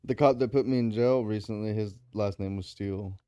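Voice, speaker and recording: A man's voice: lowish voice, steady tone, fairly quick, warm tone, clear, resonant tone, no echo. A man guesting on a casual podcast, trading jokes and profane stories in a laid-back way. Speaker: podcast guest, co-host of another podcast.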